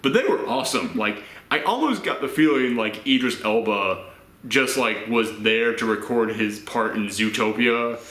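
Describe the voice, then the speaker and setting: A man hosting a casual movie reaction chat, rambling and animated, acting out lines in silly voices. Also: mid-range voice, normal speed, echoey room.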